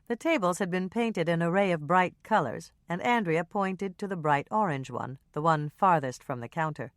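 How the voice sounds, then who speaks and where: A woman narrating an audiobook in a calm, even reading style. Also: on the low side, moderate pace, no room sound, studio quality. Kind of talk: scripted narration.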